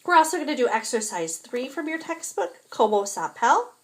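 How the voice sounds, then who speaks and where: A woman teaching a beginner French lesson, slowly modeling each phrase for students to repeat. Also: high-pitched, very animated. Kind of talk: classroom language lesson.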